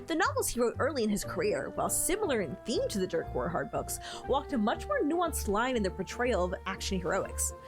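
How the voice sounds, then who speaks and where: A woman's voice: mid-range voice, sing-song, brisk, hardly any pauses, music in the background. A woman streamer reading a book from a game aloud to her chat, breaking off for playful asides.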